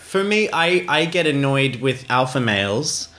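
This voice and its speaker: Wry guy on a podcast, bright voice, dry jokes. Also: mid-range voice, expressive, a little slow. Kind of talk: casual chat.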